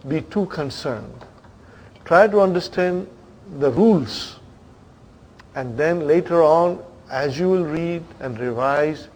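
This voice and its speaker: Slow-paced patient male teacher. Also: mid-range voice, a little mellow, slight background noise. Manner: patient, repeats words slowly, checks in with students. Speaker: Arabic teacher. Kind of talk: classroom lesson.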